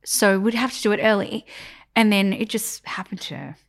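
A woman's voice: medium pitch, normal speed. A young woman telling a story in casual chat, acting out quotes with laughter. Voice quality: animated, acts out quotes with laughs.

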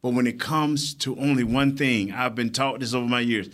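A man's voice: mid-range voice, fairly even intonation, normal speed, a bit bright. A man co-hosting a sports talk show, speaking casually and making his case emphatically in repeated phrases.

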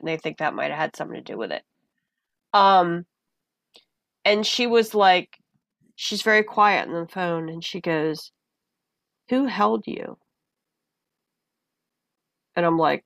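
A woman guest in a casual conversation, telling personal stories in an animated way and acting out the voices of the people in them. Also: on the low side, gravelly, dry recording. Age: adult mother of a young child. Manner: animated, acts out voices in her anecdotes. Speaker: podcast guest.

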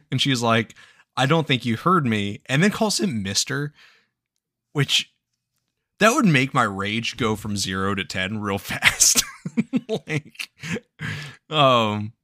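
A man's voice: mid-range voice, very animated, slow pace, long pauses, bright, forceful tone, dry recording, studio quality. A man on a podcast casually retelling a story, swearing often, laughing and slipping into quoted voices. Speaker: podcast host recapping a game.

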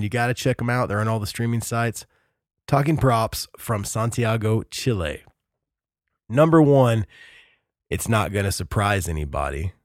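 A man's voice: fairly low pitch, dry recording, studio quality. A man hosting a podcast in casual chat, enthusiastic and rambling, with many fillers and restarts. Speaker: podcast host.

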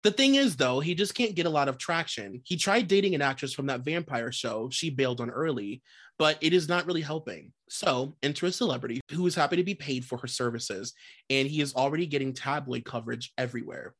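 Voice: medium pitch, expressive, fairly quick, a bit bright. A podcast co-host chatting casually, reading gossip items and laughing often. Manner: laughs often, loose and joking, swears casually.

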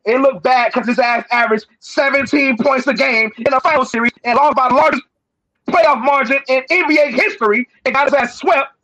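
A man's voice: very high-pitched, brisk, pushed and bright, no echo, highs cut off. A man in a heated sports debate, emphatic, repeating himself and talking over the others.

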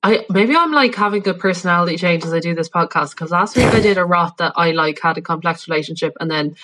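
A woman's voice: on the low side, quick pace, a bit bright, a little hiss or hum. A young Irish woman co-hosting a podcast in casual, laughing chat full of fillers. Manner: chatty, laughing, filler-heavy. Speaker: podcast co-host.

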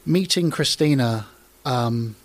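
A man's voice: medium pitch, slow. A man in his thirties, a TV presenter chatting as an interview guest and telling anecdotes with plenty of fillers. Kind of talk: casual interview storytelling.

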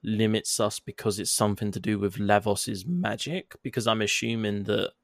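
A man co-hosting a podcast in casual chat, swearing freely and retelling events with animated energy. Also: lowish voice, normal speed, vocal fry, no room sound, studio quality. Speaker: podcast co-host.

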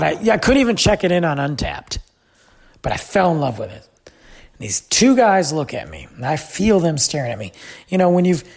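A man hosting a podcast, telling a travel story in a chatty, animated way. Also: mid-range voice, vocal fry, husky. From United States. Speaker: podcast host. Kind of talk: casual storytelling.

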